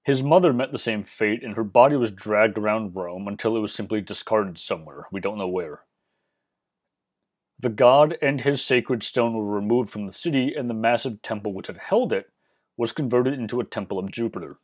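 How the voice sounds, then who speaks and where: A man narrating a history lesson, measured and explanatory with dry, wry asides. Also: on the low side. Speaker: history channel host.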